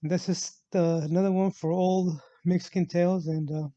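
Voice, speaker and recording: A man's voice: sits high, level tone, moderate pace, warm tone, no room sound. A man casually telling a personal travel story on his vlog, rambling with many fillers and restarts. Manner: rambling, full of fillers and restarts, repeats "actual". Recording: dull lo-fi sound, dry.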